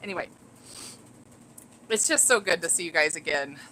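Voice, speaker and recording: A woman's voice: fairly low pitch, expressive, normal speed, bright, forceful tone, slight background noise, rough recording. A woman chatting casually on a home livestream, reading viewer comments aloud, giddy and laughing often. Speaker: vlogger reading live chat.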